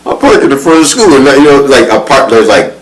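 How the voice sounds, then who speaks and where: A young man casually telling a story from his life, animated and profane, laughing often and mimicking the people he quotes. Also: medium pitch, fast, poor audio.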